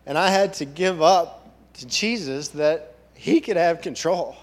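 A man, a church elder, giving a halting, earnest personal testimony to his congregation. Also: on the high side. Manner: halting, earnest storytelling with many restarts. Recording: long reverb of a large hall.

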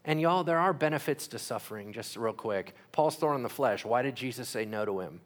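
Pastor guy preaching, lively, throws questions at the crowd, acts out little voices. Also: mid-range voice, fairly quick. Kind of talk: sermon.

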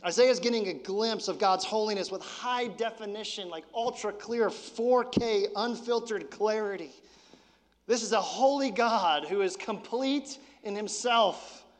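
A man with a high-pitched voice delivers a sermon in a church, in a loose, chatty preaching style. He drops his voice low and quiet for emphasis. The sound carries a long, ringing hall reverb. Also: unhurried. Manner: conversational preaching, drops to soft intensity. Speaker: pastor.

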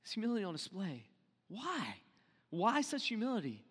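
Animated high-voiced male pastor in a reverberant hall. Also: normal speed, slightly rough. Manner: animated, acts out quoted voices, swings from loud to hushed. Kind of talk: sermon.

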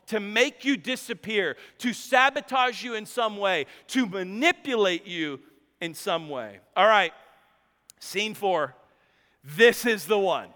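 A man preaching a sermon, retelling scripture in a lively storytelling way. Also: high voice, takes it slowly. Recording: long reverb of a hall.

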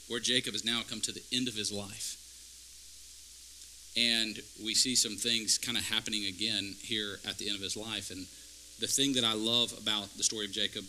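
A man's voice: on the low side, sharp tone, a little hiss or hum, poor audio. A man preaching a sermon to a church congregation, conversational at first and building to fervent, emphatic peaks. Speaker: pastor.

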